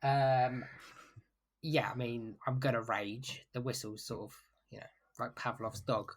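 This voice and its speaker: A player in a podcast tabletop game, loud and laughing, often cutting themselves off. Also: medium pitch, level tone, unhurried, slightly rough. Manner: laughing, loud, self-interrupting. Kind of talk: casual tabletop game chat.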